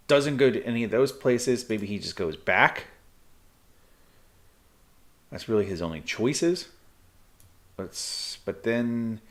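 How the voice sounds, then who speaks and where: A man streaming live chess, thinking aloud in halting, muttered bursts as he calculates moves. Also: fairly low pitch.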